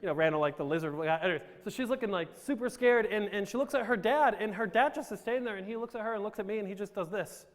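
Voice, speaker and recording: High-voiced man joking in a big hall. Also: fast talker, few pauses. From Romania. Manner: joking, self-deprecating, rambling with restarts. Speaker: speaker telling his life story. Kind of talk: humorous storytelling to a live audience. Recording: reverberant hall.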